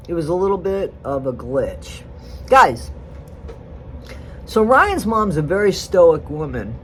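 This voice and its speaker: A gossip vlogger commenting casually on a reality show, blunt and rambling, jumping between loud outbursts and muttered asides. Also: medium pitch, slight background noise.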